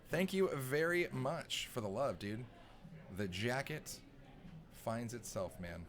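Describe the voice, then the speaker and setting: A young man calls a live poker stream in a jokey, playful way. His voice sits at an ordinary middle pitch and now and then jumps into loud, excited bursts. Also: slow. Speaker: poker commentator.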